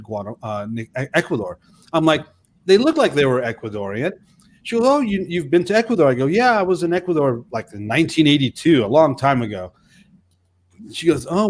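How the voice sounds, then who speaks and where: Rambling storytelling man in his fifties. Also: medium pitch. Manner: rambling, animated storyteller with many restarts. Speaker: co-host, missionary pastor. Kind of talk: casual chat.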